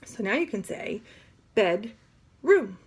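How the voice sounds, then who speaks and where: A woman teaching sign language vocabulary in an animated, demonstrative way, with playful asides. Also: medium pitch, slow pace, breathy edge. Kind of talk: classroom lesson.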